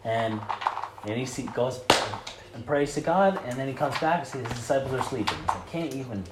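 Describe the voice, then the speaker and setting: A man's voice: mid-range voice, animated, moderate pace. A man giving an informal sermon, talking conversationally with many fillers and building to emphatic preaching. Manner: frequent "like" and "you know" fillers. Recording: echoey room with loud noise.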